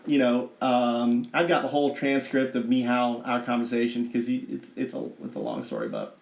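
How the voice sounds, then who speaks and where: A man talking through a chart in a digressive, rambling monologue, restarting often and bursting into excitement. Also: medium pitch, reverberant. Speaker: vlogger explaining a chart of figures.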